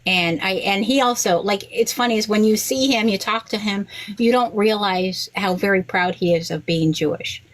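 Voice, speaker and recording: A woman in her forties, a rabbi, chatting casually on a podcast and telling family stories with lively quoted voices. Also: moderate pace, poor audio. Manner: animated storyteller, quotes others with big pitch jumps.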